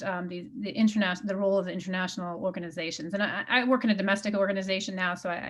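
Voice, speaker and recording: A woman speaking as a panelist in a discussion, halting and restarting often. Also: mid-range voice, a bit bright.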